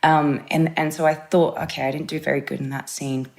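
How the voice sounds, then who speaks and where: Woman, Australian accent, low voice, animated storyteller, casual podcast chat. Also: fairly quick, gravelly. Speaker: guest. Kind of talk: casual anecdote.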